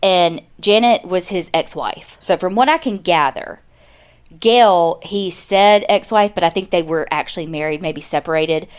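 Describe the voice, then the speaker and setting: A woman's voice: fairly low pitch, measured pace, clean tone. A woman, co-hosting a podcast and casually retelling a true-crime case with quoted dialogue and asides. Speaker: podcast co-host.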